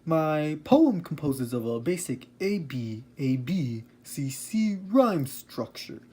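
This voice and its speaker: A man's voice: fairly high pitch, very animated, slow, dark tone. A man playing an earnest male romantic poet who speaks as a guest in a lecturing, explanatory way. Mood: explaining.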